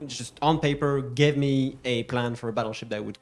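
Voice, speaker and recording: French man drawing out French names. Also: mid-range voice. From France. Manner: playful, drawn-out emphatic pronunciations. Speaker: co-host. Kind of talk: casual stream chat and pronunciation lesson.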